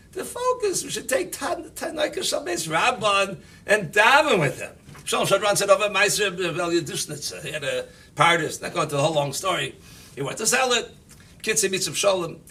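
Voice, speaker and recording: A man giving an animated, emphatic Torah talk on the weekly portion as a rabbi, sprinkling in Yiddish and Hebrew terms. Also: on the high side, recorded from a distance.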